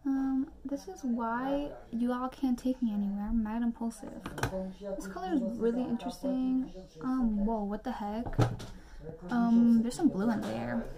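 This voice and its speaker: A young woman vlogging a makeup tutorial, rambling through chatty rants and quick asides. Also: a little high, steady tone, a crowd in the background. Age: young adult. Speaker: beauty vlogger.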